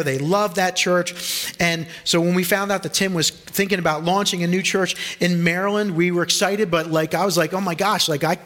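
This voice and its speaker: A man's voice: high-pitched, fairly bright tone. A middle-aged male pastor preaching a sermon, telling personal stories and acting out the voices of the people in them. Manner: storytelling, acts out quoted voices.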